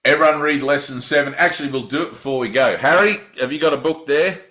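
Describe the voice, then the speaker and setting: Gentle man leading a group call. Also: on the high side, fast talker, roomy sound. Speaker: spiritual teacher leading a group session. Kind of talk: relaxed group video call.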